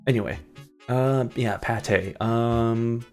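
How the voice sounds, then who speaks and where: Male streamer, low gravelly voice, rambling jokey chat over soft background music. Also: takes it slowly. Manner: rambling and jokey, with frequent ums. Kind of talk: casual live-stream chat.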